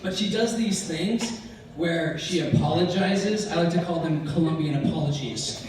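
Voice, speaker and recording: A man's voice: a little high, moderate pace, a little mellow, slight background noise. A man doing a stand-up comedy set, telling brash, profane stories and acting out the lines of others. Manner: brash, profane storytelling with acted-out quotes. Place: comedy club stage. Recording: echoey club from far off. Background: audience laughter.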